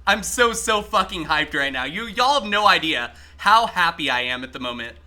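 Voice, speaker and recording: A man streaming a game live, chatting excitably with his viewers and swearing freely as he plays. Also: a little high, moderate pace. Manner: talks to chat while playing. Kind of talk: casual live-stream gaming commentary.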